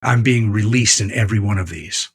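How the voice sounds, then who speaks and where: A man's voice: on the low side, a little fast, slightly rough. A man being interviewed as a guest, retelling a book scene by scene in a candid, profane, emphatic way. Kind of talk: candid conversational storytelling.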